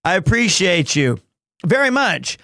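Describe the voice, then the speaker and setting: A male streamer in casual live chat, his voice high and leaping all over the place. He talks at an unhurried pace and gets excitable, erupting into shouts and laughs. It is recorded close and dry, with no room sound. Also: no room sound. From United States.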